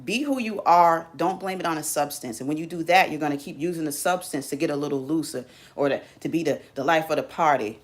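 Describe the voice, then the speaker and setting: A woman's voice: low voice, quick pace, hardly any pauses. A woman hosting a live stream, talking casually to her viewers in a sassy, teasing, slangy way.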